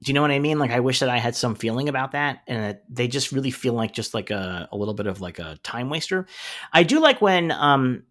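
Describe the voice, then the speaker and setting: A man in casual podcast chat, walking through a cartoon episode scene by scene. His pitch swings widely as he talks, and he fills the pauses with plenty of "uh" and "um." Now and then he drops in a swear word. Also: animated, fairly bright tone. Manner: rambling recaps with many fillers, swearing. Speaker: podcast co-host.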